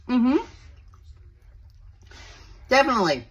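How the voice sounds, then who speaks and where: A woman's voice: mid-range voice, expressive, unhurried, fairly bright tone, rough recording. A woman hosting a casual home cooking video, chatting to viewers as she walks them through each step.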